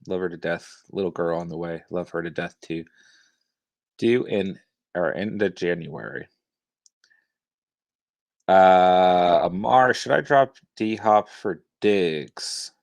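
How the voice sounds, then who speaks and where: A young man hosts a live stream, answering viewer chat in a relaxed, easygoing way. His voice sits very low with a gravelly edge. The sound is close and dry. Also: takes it slowly, long pauses, no room sound. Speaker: host.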